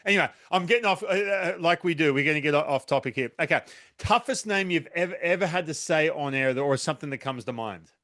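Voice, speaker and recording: A male host with a voice a touch higher than most men, running a quick-fire question segment. He laughs easily and restarts his sentences, keeping the mood light and teasing. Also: bright, forceful tone. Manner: laughs often, stammering restarts, playful. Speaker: host, former pitcher. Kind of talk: rapid-fire interview questions.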